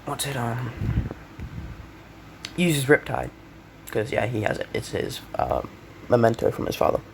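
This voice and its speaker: A young man casually retelling an invented fan story, rambling with many fillers and self-corrections, coughing and clearing his throat now and then. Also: mid-range voice, very animated, unhurried, slight background noise.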